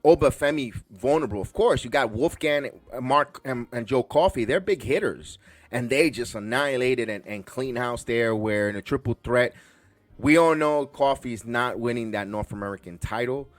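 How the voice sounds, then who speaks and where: A man from the Bronx hosting a podcast, reviewing a wrestling show in a rambling, excitable way full of restarts. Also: mid-range voice, normal speed, no echo. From the Bronx, New York. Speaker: podcast host.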